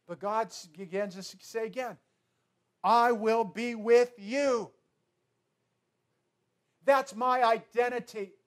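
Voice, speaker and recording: A pastor with a notably high voice preaches to his congregation. He leans hard on repetition, shifts between hushed asides and ringing declarations, and keeps the tone earnest throughout. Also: fairly even intonation, slow, long pauses. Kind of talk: sermon.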